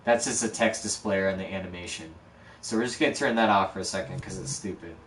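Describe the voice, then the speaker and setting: Streaming his game development in a relaxed way, a man talks fast in a low, slightly bright voice, mocking himself through each step. The sound is a bit far from the mic with roomy echo and slight background noise, and a dog barks nearby.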